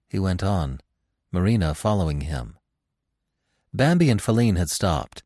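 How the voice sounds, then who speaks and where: A man narrating a classic novel in an expressive, dramatic storytelling manner. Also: sits low, measured pace, pauses often, no room sound, clean studio sound.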